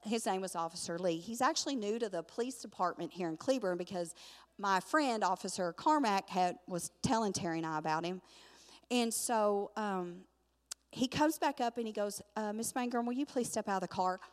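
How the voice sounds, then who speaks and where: Older woman, Bible study teacher, animated storyteller, reverberant hall. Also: medium pitch, moderate pace. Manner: animated, chatty storytelling with acted-out quotes. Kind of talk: storytelling lesson.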